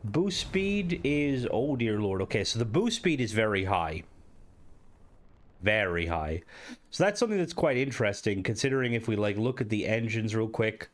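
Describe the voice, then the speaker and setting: A man with a stuffy, nasal voice from hay fever. He gives casual game commentary and thinks out loud, often restarting his sentences. His voice sits on the low side. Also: very animated, normal speed. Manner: rambling, thinking aloud with restarts. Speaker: gaming video host.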